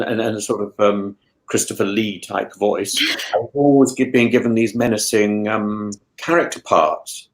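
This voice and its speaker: A man in casual chat on a show he regularly joins, talking in a thoughtful, musing way with many restarts and stammered repeats. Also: lowish voice. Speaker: regular guest.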